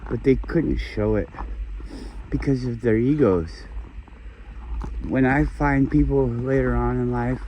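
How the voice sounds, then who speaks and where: Guy rambling to his camera, mellow low voice, swears a lot, keeps restarting, faint hiss behind. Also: a little slow, pauses often, rough recording. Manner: meandering, philosophical, frequent swearing and restarts. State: emotional, has been crying. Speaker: vlogger. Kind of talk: rambling personal monologue.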